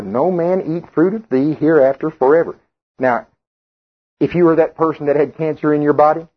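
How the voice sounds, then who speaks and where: A man's voice: fairly high pitch, husky, highs cut off. A man preaching a sermon who reads scripture aloud and then explains it conversationally, joking with the congregation. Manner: jokes with the congregation and calls on people by name.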